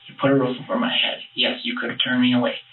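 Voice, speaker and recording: A man being questioned by detectives, telling his story in a halting, rambling way with many restarts, heard on a distant police interview room recording. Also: mid-range voice, monotone, reverberant, phone-quality sound, slight background noise.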